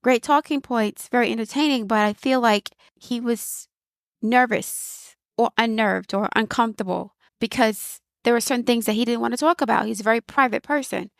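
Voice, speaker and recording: A woman's voice: a little high, normal speed, gravelly, dry recording, studio quality. A woman hosting her own channel, talking through her thoughts in casual commentary, reflective and given to repeating phrases for emphasis, with frequent small laughs. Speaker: video host.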